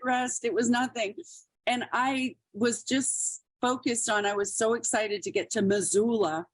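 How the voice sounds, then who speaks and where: A woman's voice: on the high side, steady tone, measured pace, no room sound. A woman comedian and actress, telling stories as a podcast guest in a chatty way full of fillers. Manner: chatty, many fillers like "like" and "you know". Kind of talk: casual storytelling.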